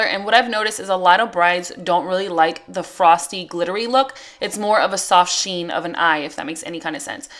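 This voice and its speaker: A woman talks through a makeup tutorial in a relaxed voice-over. She is chatty and walks through every step in a friendly, conversational way. Her voice sits at an ordinary middle pitch. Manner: chatty, explains each step as she goes. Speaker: makeup artist.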